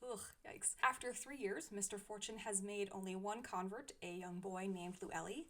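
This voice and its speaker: A woman's voice: medium pitch, moderate pace, bright, forceful tone. A young woman reviewing books she has read, speaking thoughtfully with frequent small laughs. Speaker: book reviewer. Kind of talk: casual book review.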